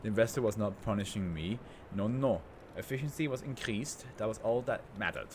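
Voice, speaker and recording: A man plays an arrogant tycoon reduced to a brain in a jar. He talks down to everyone in grand, scornful phrases, in a fairly low voice. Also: expressive, a little fast, a little hiss or hum, natural voice. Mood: haughty. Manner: pompous, grandiose and contemptuous.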